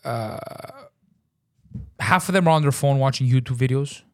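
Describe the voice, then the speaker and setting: A man telling a story in casual chat, animated, swearing a lot and saying "bro", acting out his own shouting. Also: mid-range voice, moderate pace. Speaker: podcast host.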